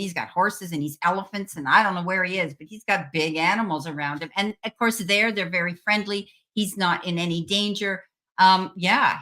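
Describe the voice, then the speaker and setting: A woman giving a personal spirit reading as a psychic medium, speaking gently and reassuringly with frequent pauses. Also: medium pitch.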